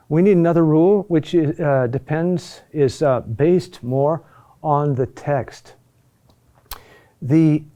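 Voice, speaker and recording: A man teaching a lesson at a board, speaking in halting phrases with many pauses and restarts, and often checking in with a questioning "huh?". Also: medium pitch, mellow. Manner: halting and repetitive, with frequent "huh?" check-ins; patient, explanatory pacing with many pauses and restarts. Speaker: chant teacher. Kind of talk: classroom lecture at a board.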